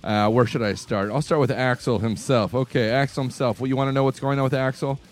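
Animated man telling a story casually. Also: mid-range voice, a little fast. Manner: animated storyteller, acts out quotes. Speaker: podcast co-host. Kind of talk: casual chat. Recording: faint rock music behind. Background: faint rock music.

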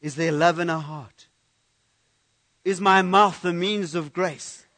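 A man's voice: high-pitched, steady tone, slow, bright, forceful tone. A man preaching a conversational sermon in a church, often restarting and repeating words as he speaks. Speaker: pastor.

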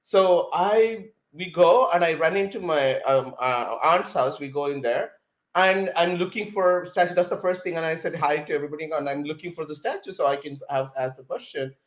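A man, a podcast guest telling his life story in an animated way, full of fillers and restarts. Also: on the high side, normal speed. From India. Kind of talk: personal storytelling in conversation. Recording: roomy echo.

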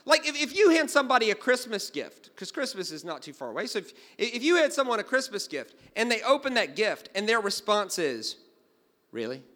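A man preaching a sermon, telling stories and swinging from quiet asides to loud exclamations. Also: high voice, very animated, fairly quick, hardly any pauses. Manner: storytelling, jumping from hushed to loud exclaiming. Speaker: pastor.

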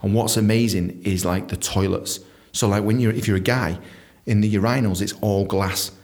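A man telling a comic story, animated, often jumping into squeaky high voices for jokes. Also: moderate pace. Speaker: comedian storyteller.

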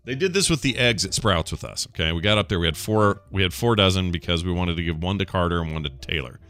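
A middle-aged man co-hosting a casual podcast, telling stories and ranting in an animated way. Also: deep voice, fast talker, soft background music. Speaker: podcast co-host. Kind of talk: casual chat.

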